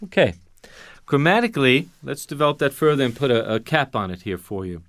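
Guy explaining bible greek, punchy and emphatic, keeps asking questions, dry close sound, average pitch. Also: big pitch swings, a little fast, a bit bright, no room sound. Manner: emphatic, rhetorical questions, repeats key phrases. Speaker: Bible teacher. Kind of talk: teaching Greek grammar to listeners.

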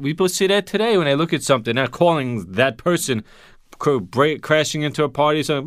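Man, radio Bible teacher, smooth resonant voice, dry close sound, emphatic slow stresses. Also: fairly high pitch, expressive, fairly bright tone, no room sound. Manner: emphatic, drawn-out stresses on key words; patient step-by-step explaining.

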